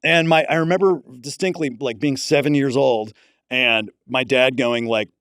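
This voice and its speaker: A man's voice: medium pitch, fairly even intonation, normal speed, fairly bright tone, clear, resonant tone, no room sound, studio quality. A man from Pittsburgh, a podcast guest, telling rambling comic stories in casual chat. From Pittsburgh, USA. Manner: rambling anecdotal storytelling.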